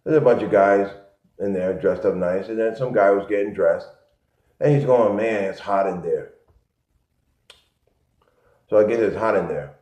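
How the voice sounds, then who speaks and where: A man from Connecticut telling a rambling, repetitive story in a low-key monologue. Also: normal speed. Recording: echoey, muffled lo-fi room sound.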